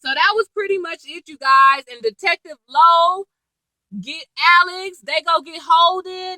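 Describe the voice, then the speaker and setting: A woman casually recapping a TV episode in a chatty, animated way, laughing and full of slang and asides. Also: very high voice, normal speed, no room sound, rough recording. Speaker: TV episode reviewer.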